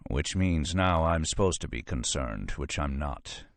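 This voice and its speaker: A man voicing a sullen, insolent young police officer who answers in flat, clipped, sarcastic replies in an audiobook. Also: very deep voice, unhurried, no echo.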